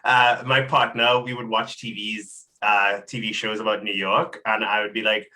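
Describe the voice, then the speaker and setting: A man hosting a casual interview, friendly and quick to laugh. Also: on the low side, little pitch movement, bright, forceful tone. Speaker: host.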